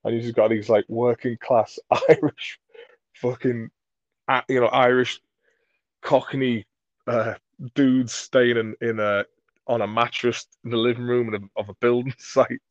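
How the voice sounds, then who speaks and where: A man from Merseyside, a comedy creator, telling rambling sweary anecdotes in a relaxed interview. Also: mid-range voice, a little slow, no echo, muffled recording. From Merseyside, England. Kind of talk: casual storytelling in an interview.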